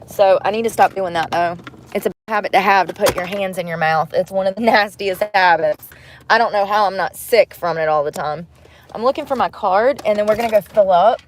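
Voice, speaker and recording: A woman talks to her livestream from a truck at a gas station. She is rambling, candid and salty-mouthed, with a mid-pitched voice. Faint vehicle noise hums behind her on a phone mic. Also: brisk. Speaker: vlogger. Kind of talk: casual chatty livestream.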